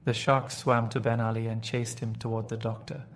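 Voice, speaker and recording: Clear, steady male storyteller. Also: medium pitch, moderate pace, a little hiss or hum. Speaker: audiobook narrator. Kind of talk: scripted narration for English learners.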